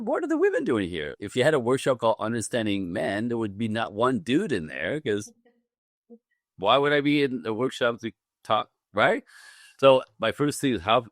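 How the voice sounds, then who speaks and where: A man with a low voice tells a personal story as a podcast guest, acting out every quoted line and laughing along the way. He is a relationship coach, lively and expressive. The sound is dry and close, with no room around it. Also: no echo. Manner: animated storyteller, acts out quotes with big pitch jumps, laughs often. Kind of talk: storytelling in a casual interview.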